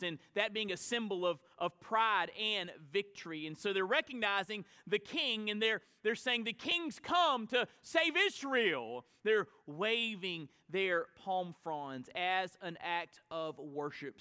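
A high, bright-voiced male pastor preaching in a large church with a long, ringing reverb. He drops to quiet asides and then rises to shouted emphasis. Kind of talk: sermon.

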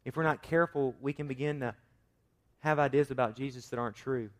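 A man preaching a sermon, swinging from loud emphatic points to quiet asides and asking his listeners rhetorical questions. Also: medium pitch, fairly even intonation, quick pace. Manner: acts out quoted voices with rhetorical questions. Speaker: pastor.

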